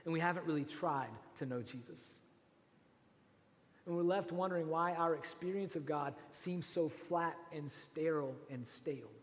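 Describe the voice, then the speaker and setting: Man, pastor, sermon, higher voice, conversational asides, echoing church hall. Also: normal speed. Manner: animated, conversational, rhetorical asides.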